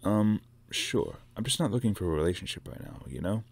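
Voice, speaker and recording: A nervous, awkward young man studying film, fumbling his words, as read by a man with a very deep voice. It is from a storybook reading. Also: big pitch swings, brisk, gravelly, darkish tone, husky, heavily acted. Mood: sheepish. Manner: nervous, sheepish.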